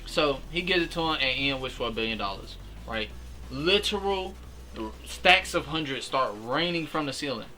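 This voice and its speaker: A young man giving a casual, slangy movie recap, animated and full of fillers. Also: a little high, normal speed, faint music behind. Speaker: movie reviewer.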